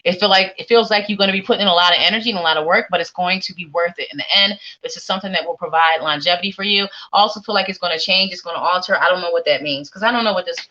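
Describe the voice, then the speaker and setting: A woman giving a live psychic tarot reading, talking straight to her viewers in a warm, rambling way and repeating her phrases. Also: fairly low pitch, very fast, few pauses, dull audio. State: sleepy.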